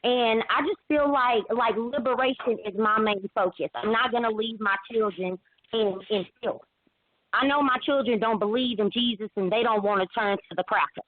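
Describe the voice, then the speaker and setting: A woman calling in to a talk show, telling her account haltingly with many restarts and fillers. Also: fairly high pitch. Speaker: caller. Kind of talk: emotional call-in account. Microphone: phone. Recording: tinny phone line.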